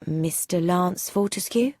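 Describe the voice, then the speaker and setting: A woman doing a quiet, composed young housekeeper. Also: fairly low pitch, a little slow, no echo. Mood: polite, quiet. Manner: quiet, polite, reserved.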